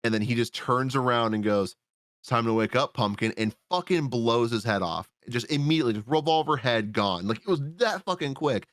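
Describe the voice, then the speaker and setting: A man's voice: medium pitch, a little fast, few pauses, no echo, studio quality. A man casually recapping a movie on a podcast, rambling and swearing freely as he acts out his own reactions. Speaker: podcast co-host reviewing a film.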